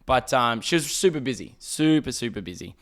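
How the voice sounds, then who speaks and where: A young man hosting a solo podcast, telling a story in an animated, profane, ranting way. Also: mid-range voice, brisk. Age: young adult. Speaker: podcast host.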